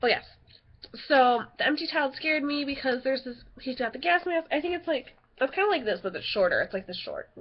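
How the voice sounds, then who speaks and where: A woman's voice: high-pitched, animated, brisk, muffled recording. A young woman chatting casually in a rambling home vlog, easily sidetracked and giggly. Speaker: vlogger.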